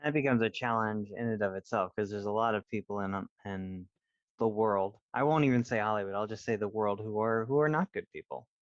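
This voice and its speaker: A man hosting a podcast interview, encouraging with quick affirmations. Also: lowish voice, no room sound, muffled recording. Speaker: podcast host. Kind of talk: casual interview chat.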